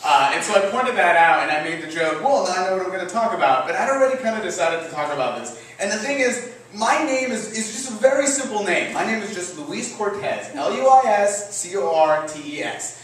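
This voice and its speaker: A man from Mexico with a Mexican accent tells a self-mocking story on a comedy stage, animated and laughing at his own jokes. His voice sits high and moves briskly with few pauses, with slight background noise. The echoey stage recording is taken from a distance and has faint ambience.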